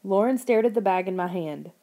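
A woman reading a story aloud as audiobook narration, in an expressive telling voice. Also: mid-range voice, a little fast. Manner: expressive reading, raises her voice for characters' lines.

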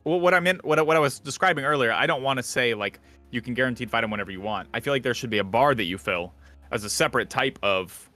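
A man hosting a casual gaming podcast, rambling and animated, swearing casually. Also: medium pitch, quick pace, faint music behind. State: out of breath. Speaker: podcast host.

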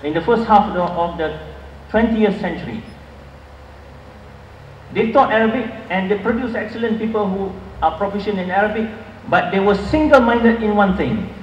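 A man giving an earnest academic lecture at a conference, emphatic and pausing with fillers. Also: high voice, a little hiss or hum. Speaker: conference speaker. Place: large lecture hall. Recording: echoey hall, far from mic, dull.

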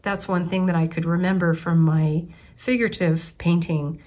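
A woman in her forties, an artist from the United States, talking through her thoughts in a loose, unscripted way. She often stops and restarts her sentences as she works out what she means. Her voice sits a little low for a woman. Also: fairly even intonation, moderate pace, darkish tone. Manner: rambling, thinking aloud with restarts. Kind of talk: casual spoken reflection.

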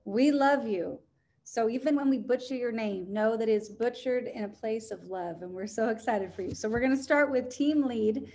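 A woman's voice: on the high side, normal speed, hardly any pauses, darkish tone, a little hiss or hum. A woman on a coaching conference call, cheerfully reading a list of names and sometimes stumbling over them. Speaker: co-host reading recognitions.

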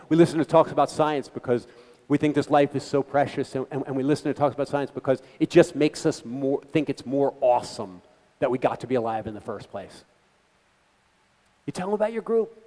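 A man's voice: mid-range voice, brisk, mellow. Earnest man speaking in a reverberant hall. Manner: earnest, conversational, addresses the audience directly. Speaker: guest speaker. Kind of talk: talk at a community gathering.

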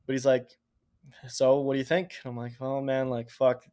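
A man in his thirties from Canada, a podcast guest telling stories in casual chat, animated and cursing freely. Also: medium pitch, moderate pace, clean tone. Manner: animated, swears casually, acts out quotes. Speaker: podcast guest, Olympic speed skater. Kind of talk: casual storytelling.

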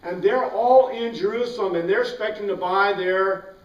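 In a dull, roomy classroom recording made far from the mic, a high-pitched man teaches Bible study at normal speed. He quizzes his students but answers the questions himself.

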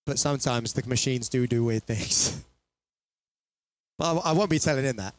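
Speaking at normal speed in a medium-pitched voice, this man plays songs for online listeners from a small home studio, and there's no room sound. In the gaps he rambles chattily and chuckles at his own expense.

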